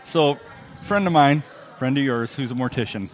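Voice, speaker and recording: Man, mid pitch, wry banter, storytelling, casual comedy podcast. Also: moderate pace, soft background music. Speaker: podcast co-host.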